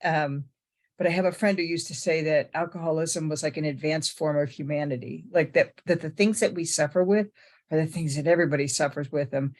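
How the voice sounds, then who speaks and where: A woman's voice: sits low, fairly even intonation, brisk, a little mellow. An older woman, ill with pneumonia, giving a rambling, candid, self-deprecating personal share at a recovery meeting. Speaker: meeting member sharing.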